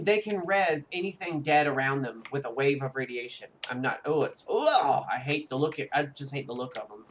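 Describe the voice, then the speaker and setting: A streamer giving live gameplay commentary in a chatty way, speaking straight to viewers and reacting with animated outbursts. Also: mid-range voice, slight background noise. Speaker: game streamer.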